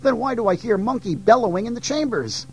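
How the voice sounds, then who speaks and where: A man's voice: very high-pitched, lively intonation, fairly quick, darkish tone, pitched above the performer's own voice. A man voicing a haughty female demon queen who commands her servants. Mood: imperious.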